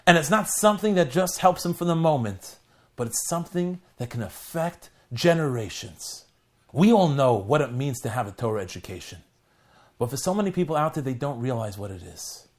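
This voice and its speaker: A man, a rabbi, telling a story as an appeal, swinging dramatically between loud and hushed delivery. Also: medium pitch, expressive, a little fast.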